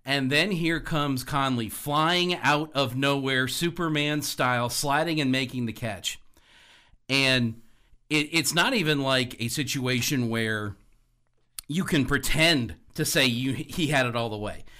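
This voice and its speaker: A man's voice: medium pitch, a little slow, pushed and bright. A man co-hosting a sports radio show, telling a story animatedly and laughing as he talks. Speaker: radio co-host.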